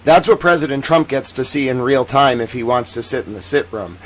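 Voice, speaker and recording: A man hosting a livestream news commentary, theatrical and sarcastic, swinging between booming declarations and low mutters. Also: brisk. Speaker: host. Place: home studio in Boston.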